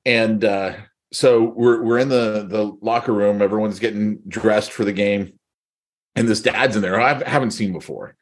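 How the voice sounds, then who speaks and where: A man's voice: lowish voice, normal speed. A middle-aged man co-hosting a podcast, casually telling stories with lots of laughter. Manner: laughing, animated storyteller. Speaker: podcast co-host. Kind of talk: casual chat, storytelling.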